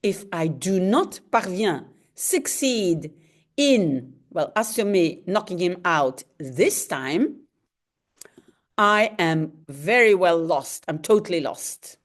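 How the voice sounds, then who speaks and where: A woman from Belgium whose first language is Dutch, teaching by reading a comic aloud and translating it slowly, with sound effects. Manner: animated, explains slowly, adds sound effects like roars and booms.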